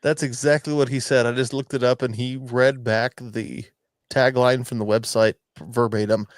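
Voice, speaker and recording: A man's voice: mid-range voice, flat delivery, normal speed, dry recording. A man tells loose, profane stories in easy podcast chat, his voice sitting in the middle of the range. The sound is dry and close, with no room around it. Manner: rambling, profane, storytelling. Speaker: podcast host. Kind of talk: casual chat.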